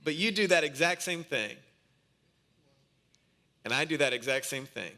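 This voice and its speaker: A man's voice: a little high, lively intonation, normal speed, bright, forceful tone. A man in his thirties, a pastor preaching a sermon, earnest and mixing in a humorous family story.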